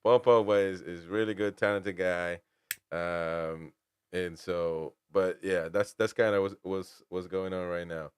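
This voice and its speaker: A man's voice: deep voice, steady tone, unhurried, smooth, dry recording, studio quality. A man hosting casual football talk, rambling with restarts and throwing in "man". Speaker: host.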